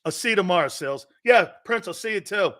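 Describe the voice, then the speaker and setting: Excitable high-voiced sports talk host. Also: male voice, fast. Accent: Philadelphia. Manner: loud and excitable, laughs and shouts often.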